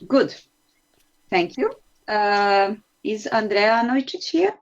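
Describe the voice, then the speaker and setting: A woman's voice: mid-range voice, very animated, slow, muffled recording. Patient woman teaching English on a call. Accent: Serbian. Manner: patient, encouraging, explains step by step. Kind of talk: online class teaching.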